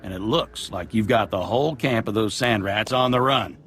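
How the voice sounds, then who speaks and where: A man's voice: fairly low pitch, normal speed, a bit bright, soft background music. A man voicing a folksy, grateful settler in a game cutscene. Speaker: settler on a desert world.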